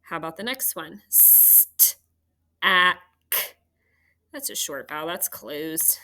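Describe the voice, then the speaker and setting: A woman's voice: sits low, very animated, moderate pace, pushed and bright. A woman teaching a third grade phonics lesson, patiently sounding out words for students at home.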